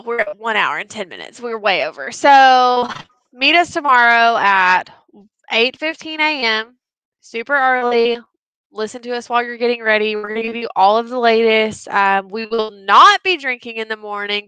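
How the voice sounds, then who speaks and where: A young Texan woman co-hosting a loose live-stream chat, giggling and rambling along. Her voice is bright and crisp, with a slightly high pitch. The sound is close and dry. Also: animated, normal speed, no room sound, low-quality recording. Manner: giggly, rambling, drinking wine on air. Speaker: co-host.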